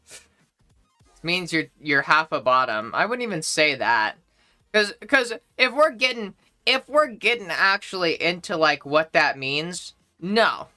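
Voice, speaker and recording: Bright-voiced playful streamer. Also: mid-range voice, sing-song, slow pace. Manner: playful, profane, mock-indignant banter. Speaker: livestreamer reading chat. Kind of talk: casual live-stream chat.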